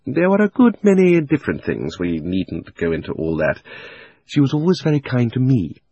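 A man playing a crafty old magician uncle who coaxes and flatters while hiding his greed. He stretches his words slowly, and his pitch climbs and swoops, over a husky audiobook voice. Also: muffled recording. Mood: wheedling. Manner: wheedling and sinister, drawn-out words. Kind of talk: audiobook reading.

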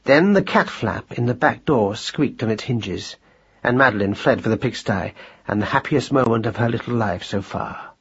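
A man narrating a storybook in a measured, gently wry telling. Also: medium pitch, lively intonation, husky, dull audio. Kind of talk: audiobook narration.

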